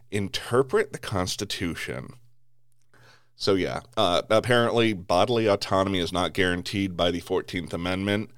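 With a low voice, a US podcast host rants angrily about politics, cursing heavily and stumbling through restart after restart. The studio recording is clean, with no echo.

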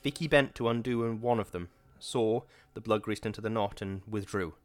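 Low-voiced male audiobook narrator. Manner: measured, dramatic reading. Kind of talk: scripted narration.

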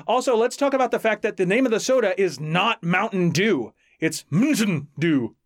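A man's voice: high voice, a little fast. A man co-hosting a podcast, cracking crude jokes and laughing a lot. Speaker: podcast co-host. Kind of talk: casual comedic banter.

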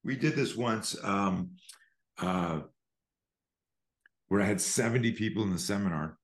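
A middle-aged man with a lowish voice, talking as a podcast guest over a remote call. He explains self-defense ideas in a lively, profane way. He jumps into acted-out scenes as he goes. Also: measured pace. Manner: animated and profane, acts out scenarios. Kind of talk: conversational podcast interview.

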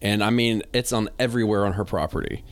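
A man's voice: fairly low pitch, fast. Southern man telling a folksy story. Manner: animated storyteller, folksy, drawling. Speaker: podcast co-host. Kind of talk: casual chat.

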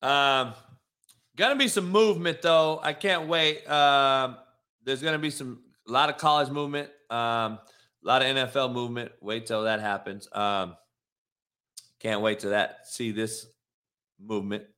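A man's voice: mid-range voice, unhurried, bright, forceful tone. A man hosting a casual sports talk stream, swearing freely and talking straight to his viewers in a fired-up rant. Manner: profane, fired-up, talks straight to the chat. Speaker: sports talk show host.

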